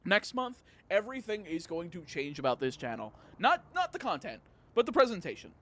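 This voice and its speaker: A man's voice: sits high, big pitch swings, fairly quick, fairly bright tone. A tipsy man streaming a video game, rambling and joking crudely between moves. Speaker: gaming streamer. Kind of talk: casual livestream chat while playing.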